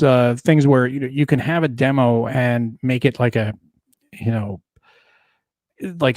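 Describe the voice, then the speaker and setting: A man's voice: mid-range voice, darkish tone, dry recording, clean studio sound. A man hosting a casual podcast chat, talking in a loose, rambling way with many fillers. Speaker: podcast host.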